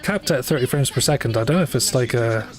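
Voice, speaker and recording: A man's voice: mid-range voice, lively intonation, fast talker. Rambling casual male game streamer. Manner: rambling, many fillers and self-corrections, dry asides. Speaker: livestreamer playing a gacha game. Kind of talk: casual live commentary. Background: faint game music.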